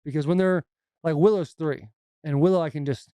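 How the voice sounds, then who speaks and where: A man in his thirties, a podcast co-host, chatting casually and telling animated stories with acted-out quotes. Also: fairly high pitch, brisk, smooth, dry recording. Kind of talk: casual chat.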